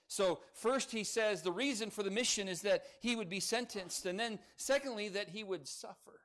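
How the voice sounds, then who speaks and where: A man preaching a sermon, climbing loud on key phrases and dropping soft for emphasis, slowing down to stress words. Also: sits high. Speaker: pastor.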